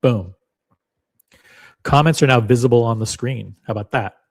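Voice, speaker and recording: A man's voice: mid-range voice, moderate pace, vocal fry. A man hosting a live reaction stream, chatting in a rambling, self-deprecating way. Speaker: livestream host.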